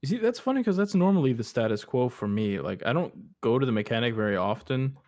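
A man's voice: mid-range voice, expressive, fast, darkish tone, no room sound, clean studio sound. A man co-hosting a podcast in casual chat who laughs often and trails off mid-sentence. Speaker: podcast co-host.

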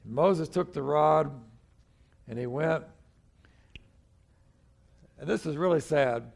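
A man's voice: a little high, slow pace, creaky. An older male pastor preaching a sermon in a conversational way, acting out the people in the story as he goes.

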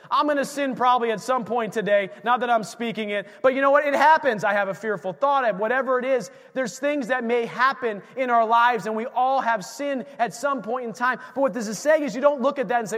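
A man preaching a sermon as pastor, animated, swinging from shouts to hushed asides. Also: very high voice, brisk, hardly any pauses, long reverb tail.

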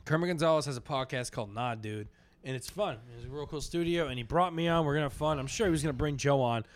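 A man's voice: medium pitch, fast. A man hosting a podcast, teasing his partner with crude jokes and frequent laughter. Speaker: podcast host. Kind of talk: casual comedy banter.

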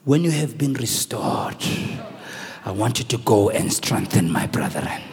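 A man voicing a gentle, patient male teacher, speaking slowly and earnestly. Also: medium pitch, big pitch swings, voice pushed down. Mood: tender. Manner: slow, hushed, earnest. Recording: long hall reverb.

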